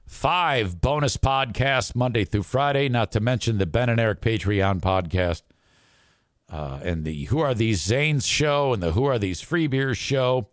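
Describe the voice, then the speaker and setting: A middle-aged man hosts his own live show and rambles casually, swearing freely. His voice sits at an ordinary pitch and sounds dry, close to the mic. His talk wanders, with plenty of restarts and blunt asides. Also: measured pace, no room sound. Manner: crude, profane, rambling.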